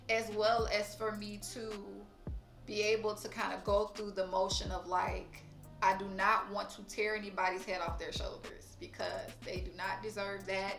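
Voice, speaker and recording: A woman's voice: mid-range voice, bright, forceful tone, roomy sound. A woman talking frankly and emotionally in a personal vlog, swearing casually. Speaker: vlogger. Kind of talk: candid personal vlog talk.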